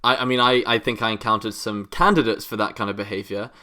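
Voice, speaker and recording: Brief: young British podcast co-host, crisp bright tone, teasing banter. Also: male voice, on the low side, fairly even intonation. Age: young adult. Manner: playful, quick to joke. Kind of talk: casual comedic banter.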